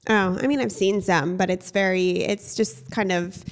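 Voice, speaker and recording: A young woman co-hosting a casual podcast, talking at an ordinary middle pitch. She is blunt and teasing with her sister and swears without a second thought. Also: fairly even intonation, normal speed. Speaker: podcast co-host. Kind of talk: casual chat.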